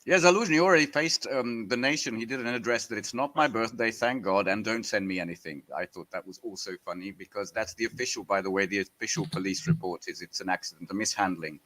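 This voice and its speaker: A man's voice: on the low side, fast, few pauses, sharp tone, poor audio. A man hosting a panel podcast, leading the talk with a wry, joking manner. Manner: wry, joking, leads the discussion. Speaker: podcast host. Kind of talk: casual panel discussion.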